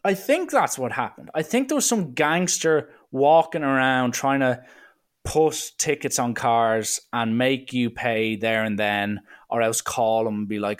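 A young man telling a funny anecdote in a casual, animated way, slipping into voices now and then. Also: mid-range voice, a little slow. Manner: lively, animated, breaks into voices. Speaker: storyteller.

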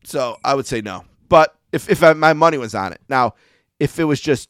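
A man co-hosting a podcast chats casually in a rambling, easygoing way with plenty of fillers. His medium-pitched voice is expressive and a bit bright, a little fast, recorded clean in a studio with no room sound.

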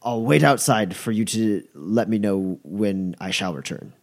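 A man's voice: lowish voice, expressive, a little slow. A man voicing a nervous, bloodied male yakuza guard who stammers in a tabletop game. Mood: subdued. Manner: stammering, flustered.

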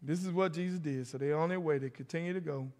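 Speaking at a quick pace, this middle-aged pastor has a voice on the high side with a darkish tone. His sermon in the church sanctuary mixes storytelling with calls out to the congregation, and a long hall reverb hangs over the recording.

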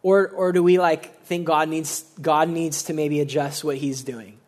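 A man's voice: on the high side, steady tone, a little slow. A young man preaching a sermon in a casual, conversational way, often saying "like" and acting out the people he quotes. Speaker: pastor.

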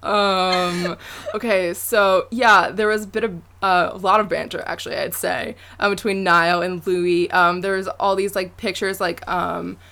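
A woman's voice: fairly low pitch, fairly even intonation, measured pace, pushed and bright, slight background noise. A young woman co-hosting a podcast, chatting casually with many fillers and frequent laughs. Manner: chatty, giggly, lots of fillers. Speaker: podcast co-host. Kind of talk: casual chat.

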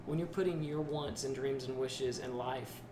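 A man's voice: mid-range voice, fairly even intonation, moderate pace. A man hosting a podcast, chatting in a reflective, conversational way. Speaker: podcast host. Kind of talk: casual interview chat. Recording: echoey noisy room.

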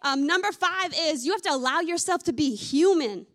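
A woman's voice: sits high, animated, normal speed, a bit bright. A woman preaching a sermon in a candid, conversational way. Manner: conversational, candid, with many fillers like "like". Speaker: pastor.

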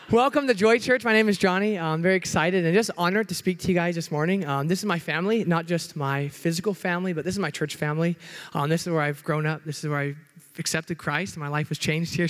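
A young man with a notably high voice delivers a church sermon as a youth pastor. He is bubbly and hyper, cracking jokes with the congregation and working to keep his pace in check. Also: fairly bright tone. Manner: hyper, upbeat and joking, trying to slow down. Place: church sanctuary.

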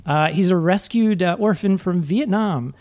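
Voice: medium pitch, moderate pace, darkish tone. A podcast co-host in casual movie-review chat, rambling and hesitant with many fillers, laughing easily.

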